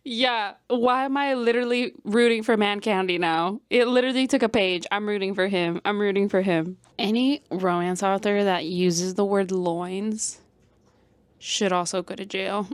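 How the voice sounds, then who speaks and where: Laughing, animated young woman vlogger. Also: mid-range voice, a little slow, clear, resonant tone. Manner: animated, laughs often, swears casually. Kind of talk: casual vlog chat.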